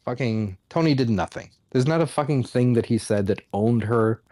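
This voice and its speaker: A man hosting a casual comedy podcast, ranting in an animated, mocking way and laughing often. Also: medium pitch, normal speed, no room sound, clean studio sound. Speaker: podcast host.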